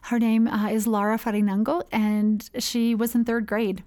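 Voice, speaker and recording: A woman's voice: fairly high pitch, flat delivery, normal speed, mellow. Chatty woman, rambling story. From United States. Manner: chatty, rambling with fillers and restarts. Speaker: charity founder, guest. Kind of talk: casual interview.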